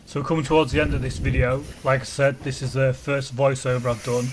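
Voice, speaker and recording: A man narrating his own car bodywork video as a voice-over, in a nervous, monotone way with frequent ums. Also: medium pitch, quick pace, background noise. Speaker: car body repairer.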